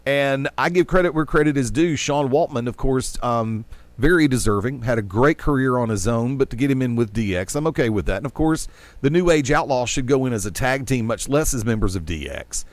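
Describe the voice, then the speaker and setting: A man's voice: mid-range voice, animated, brisk, no room sound. A man hosting a casual sports talk radio show on a headset mic, rambling and opinionated with jokes along the way.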